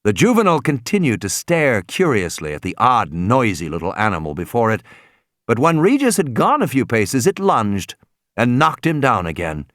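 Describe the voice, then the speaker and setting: A man reading a novel aloud as an audiobook narrator, dramatic and expressive. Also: medium pitch, normal speed, dry recording, studio quality. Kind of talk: scripted narration.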